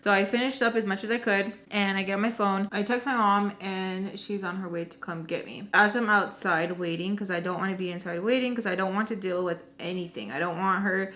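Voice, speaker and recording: Storytime vlogger, woman with a mid-range voice, chatty and animated. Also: medium pitch, fairly quick, hardly any pauses. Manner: animated, acts out quoted dialogue; rambling, self-correcting asides. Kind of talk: casual storytime retelling.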